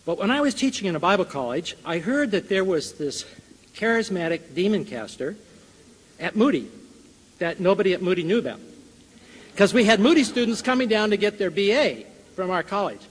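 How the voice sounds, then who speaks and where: A man's voice: sits high, fairly quick, breathy edge. An older man telling a personal story to a church audience, chuckling and acting out scenes as he speaks. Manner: lively storyteller who chuckles and acts out the scene. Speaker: Bible college teacher and speaker. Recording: long reverb of a large hall.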